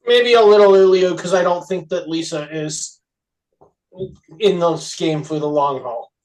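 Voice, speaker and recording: A man's voice: a little high, measured pace, a little mellow, low-quality recording. A man co-hosting a casual podcast, talking in an easygoing, agreeable way. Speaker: podcast co-host. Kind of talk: casual chat.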